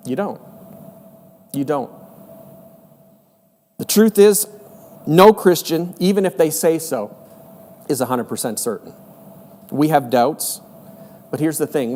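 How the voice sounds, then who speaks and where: A man's voice: medium pitch, a little mellow, a little hiss or hum. A middle-aged man preaching a sermon as pastor, in an earnest, conversational way with repeated emphasis. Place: church hall. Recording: echoey hall with long reverb.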